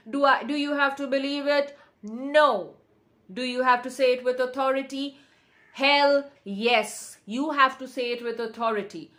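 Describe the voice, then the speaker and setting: A woman's voice: sits high, fairly even intonation, a little slow, fairly bright tone. A woman, a manifestation coach answering viewers on a casual livestream, repeating affirmations with insistent emphasis.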